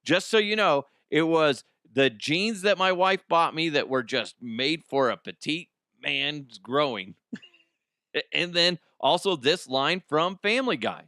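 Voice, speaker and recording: A man's voice: a little high, animated, slow, sharp tone, dry recording, clean studio sound. A man hosting a comic news podcast, rambling and joking with frequent laughs. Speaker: podcast host.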